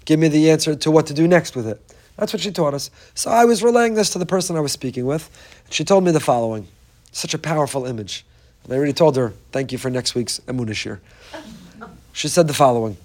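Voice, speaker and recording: A man's voice: a little high, expressive, quick pace, a little mellow. Earnest man giving a Torah talk. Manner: earnest, emphatic storytelling with repeated phrases. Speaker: Torah teacher.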